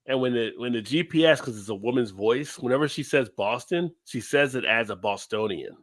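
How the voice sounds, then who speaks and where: Casual male co-host, animated pitch, quick to laugh and joke. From Baltimore area. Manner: jokey, laughs often, lively delivery. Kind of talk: casual chat.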